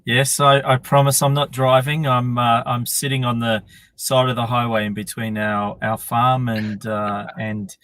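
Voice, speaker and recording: A man's voice: medium pitch, little pitch movement, measured pace, a bit bright. Hesitant man on a call from his car. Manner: hesitant, casual. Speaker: distillery guest. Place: parked car. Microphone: video call.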